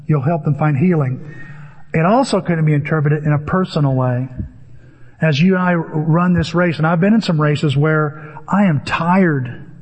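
An older man preaching a sermon as pastor, telling stories in an animated way and acting out the voices of people in them. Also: on the high side, slightly rough, in a large hall. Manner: animated storytelling with acted-out voices.

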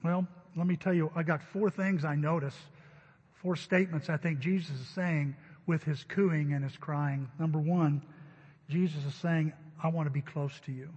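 A man's voice: fairly high pitch, fairly even intonation, moderate pace, darkish tone, slightly rough, long reverb tail, muffled recording. A middle-aged man preaching a sermon in a church, telling stories in a conversational way. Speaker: pastor. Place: church sanctuary.

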